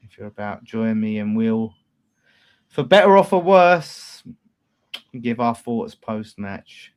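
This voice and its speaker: Animated man hosting football chat. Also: on the low side, slow pace, smooth. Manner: animated, swears, shifts loud and quiet. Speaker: fan channel host.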